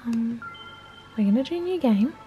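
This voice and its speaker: A young woman chatting in a cosy gaming vlog, excitable, often dropping to a whisper and gasping. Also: a little high, moderate pace, lo-fi sound, soft background music. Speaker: vlogger.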